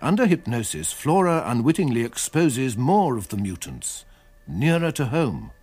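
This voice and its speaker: A man announcing and narrating a radio drama in a measured, formal way. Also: medium pitch, sing-song, a little mellow, breathy edge. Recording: narration over music.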